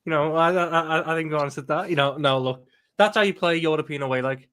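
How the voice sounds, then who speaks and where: Emphatic fan, fairly high voice. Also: male voice, smooth. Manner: fast, emphatic, repeats words when excited. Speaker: panel guest, football fan. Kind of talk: passionate match analysis.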